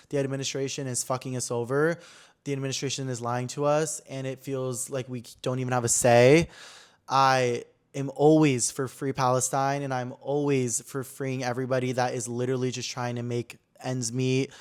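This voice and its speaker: A man's voice: mid-range voice, flat delivery, moderate pace, clear, resonant tone. A young man hosting a podcast, chatting casually and telling a story, swearing often and acting out the people he quotes. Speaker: podcast host. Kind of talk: casual chat. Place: apartment room.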